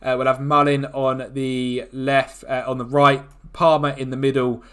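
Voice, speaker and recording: A man commentating on his own football management game, excitable and quick to groan and shout at the action. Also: mid-range voice, clean tone. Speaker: gaming YouTuber.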